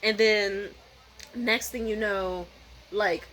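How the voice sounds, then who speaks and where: A young woman vlogging at home at night, telling a story in a profane, animated rant and mimicking other people's voices. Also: mid-range voice, slow, slight background noise, rough recording. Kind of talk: casual vlog rant.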